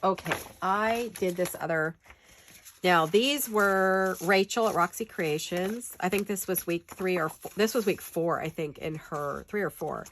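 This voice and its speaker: A woman's voice: lowish voice, unhurried, fairly bright tone, slight background noise. A woman with a stuffed-up nose from a head cold gives a chatty, rambling, self-deprecating paper-craft tutorial in her home studio.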